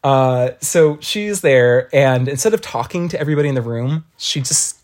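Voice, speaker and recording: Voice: mid-range voice, lively intonation, normal speed, a little mellow. Chatty gossiping podcast co-host. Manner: gushing, gossipy storyteller. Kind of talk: casual chat.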